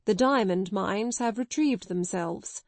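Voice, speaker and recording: A woman reading an audiobook, voicing a male solicitor who speaks in a quiet, level, steady manner. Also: medium pitch, takes it slowly, no echo. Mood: cool.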